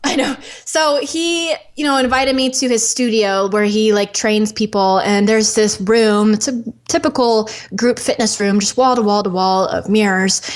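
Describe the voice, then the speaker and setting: A woman's voice: medium pitch, moderate pace. A woman who is a podcast guest, frankly telling her own story in a casual way, with "like" threaded through her speech. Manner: candid, frank, fills speech with "like". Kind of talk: telling a personal story in conversation.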